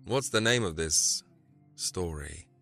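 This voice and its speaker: A worn-out husband with a headache, talking low and quiet through grunts, as a male storyteller voices him. His voice is deep and gravelly with a bright edge. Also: animated, takes it slowly, soft background music, exaggerated voice. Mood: amused. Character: weary headachy screenwriter husband, man.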